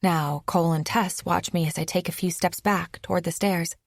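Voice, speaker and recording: A woman's voice: on the low side, steady tone, moderate pace, vocal fry, hardly any pauses, dry recording, clean studio sound. A woman narrating an audiobook in the first person, with a tense, anxious delivery. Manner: tense, anxious inner monologue.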